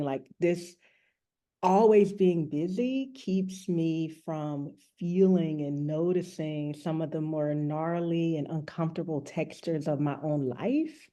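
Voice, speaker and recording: A woman's voice: fairly low pitch, unhurried, dark tone. A woman who works as a rest coach and author, frankly and earnestly telling a personal story as an interview guest.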